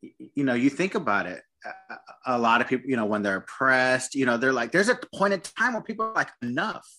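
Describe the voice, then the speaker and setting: A man's voice: mid-range voice, lively intonation, fast, pushed and bright. A man talking about dog training in a casual conversation, hesitant, with many restarts and repeated words.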